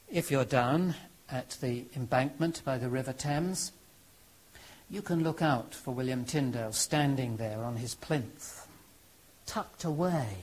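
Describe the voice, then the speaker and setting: A man's voice: mid-range voice, darkish tone, slightly rough, rough recording. A man giving a historical lecture, telling the story earnestly and with emphasis. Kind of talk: historical lecture with dramatic readings.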